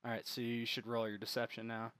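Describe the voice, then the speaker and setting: Halting man running a tabletop game. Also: mid-range voice, monotone, fairly bright tone, clear, resonant tone, no room sound, clean studio sound. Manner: halting, many fillers and restarts. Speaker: game master.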